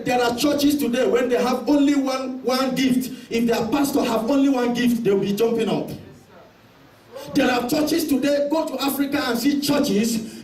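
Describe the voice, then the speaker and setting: Impassioned high-voiced preacher in an echoey hall. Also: male voice, darkish tone. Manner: impassioned, emphatic preaching with repetitions. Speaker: pastor. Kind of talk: sermon. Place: church hall. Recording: echoey church hall, mic at a distance, congregation audible.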